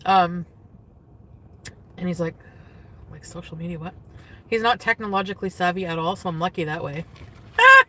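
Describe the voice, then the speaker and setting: Her fairly low voice has a sing-song lilt, a moderate pace, long pauses, and a bright, forceful tone, with slight background noise. She's a young influencer casually chatting on a livestream, rambling and full of "like" and trailing restarts.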